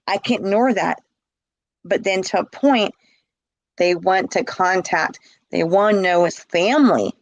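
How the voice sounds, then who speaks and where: Heard in a low-quality recording with no room sound, a middle-aged woman with a mid-range voice gives an emotional personal account as an interviewee. She speaks with passion, repeats herself, and acts out the calls she quotes.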